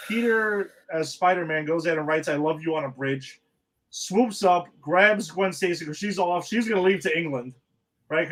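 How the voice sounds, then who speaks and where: A man's voice: high voice, a bit bright, rough recording. A man co-hosting a podcast, recapping a movie's plot with mocking asides. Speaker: podcast co-host. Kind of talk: casual movie recap chat.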